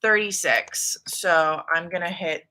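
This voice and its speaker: Woman, young adult, from the States, livestream host, casual chat, bright tone. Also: lowish voice, slow. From United States. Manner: relaxed, chatty, reads chat aloud.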